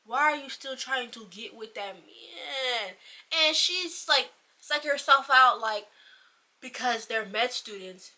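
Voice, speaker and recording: A woman giving a casual, profane, rambling book review in an animated ranting manner. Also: sits high, slow.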